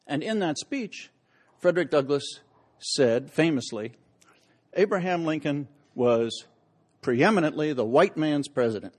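A man's voice: medium pitch, a little mellow. Wry man giving a history lecture. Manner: wry, storytelling, dramatic emphasis. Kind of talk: public lecture.

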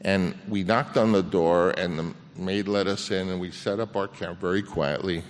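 An older man, a film director, telling an anecdote on stage in a halting way with many restarts, acting out the voices he quotes. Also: low voice, steady tone, a little hiss or hum. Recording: long reverb of a hall.

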